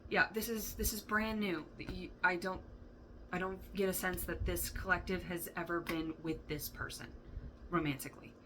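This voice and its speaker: Rambling tarot reader, woman, low-ish tone, crisp bright voice, faint room hiss. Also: fairly even intonation, normal speed, poor audio. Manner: rambling, thinks aloud, swears, laughs often. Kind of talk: casual spoken tarot reading. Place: indoor room with a fan running.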